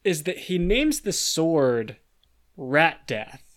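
A man's voice: fairly high pitch, sing-song. A young man co-hosting a podcast, chatting casually and laughing about a book. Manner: laughing, joking, quick asides. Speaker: podcast co-host. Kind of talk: casual book discussion chat.

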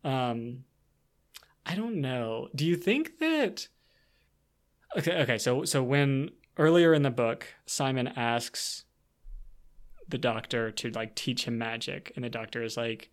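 Rambling, animated man chatting about a book. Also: mid-range voice, takes it slowly. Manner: rambling, animated, lots of fillers and restarts. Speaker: podcast co-host. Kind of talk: casual book discussion.

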